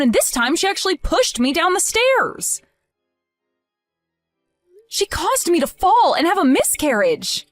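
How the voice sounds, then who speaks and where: A woman playing a grieving, pleading young wife. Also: high-pitched. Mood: accusing. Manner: tearful, pleading, rising to indignant. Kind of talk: voiced text-message drama.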